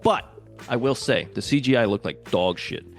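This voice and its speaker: A man's voice: mid-range voice, moderate pace, faint music behind. A man co-hosting a podcast, chatting casually and animatedly, swearing and acting out scenes. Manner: animated, swears, acts out quotes. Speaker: podcast co-host. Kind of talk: casual movie chat.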